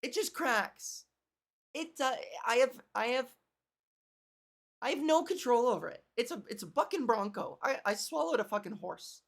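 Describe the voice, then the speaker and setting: With a fairly high, expressive voice at a moderate pace, this comedian chats casually on the podcast she hosts. Her cracky, gravelly voice carries rambling, swearing, self-deprecating talk.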